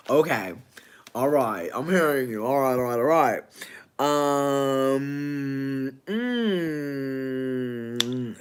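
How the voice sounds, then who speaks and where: A man giving a casual livestream tarot reading, talking in loose slang, breaking into loud laughter and dropping to soft asides. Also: mid-range voice, slight background noise. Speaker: tarot reader.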